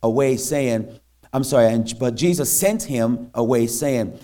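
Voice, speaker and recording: Man, missionary preacher in church; halting, filler-heavy delivery, mid-pitched voice. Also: dark tone. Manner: halting, many fillers and restarts. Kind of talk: sermon with scripture reading.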